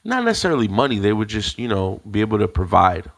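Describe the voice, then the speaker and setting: A man's voice: fairly low pitch, sing-song, quick pace, vocal fry, a bit bright. A man co-hosting a podcast, telling a story casually with many fillers and restarts. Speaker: podcast co-host.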